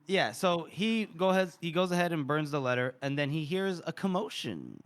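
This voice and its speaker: Male co-host, slightly higher voice, playful, laughing storyteller recapping chapters. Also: sing-song, moderate pace, clean tone. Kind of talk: casual book recap.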